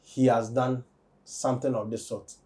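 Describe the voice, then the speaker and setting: A man, discussing entertainment news on a talk show in a measured, deliberate way. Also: medium pitch, level tone, dark tone. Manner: measured, deliberate, weighs both sides. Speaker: entertainment commentator.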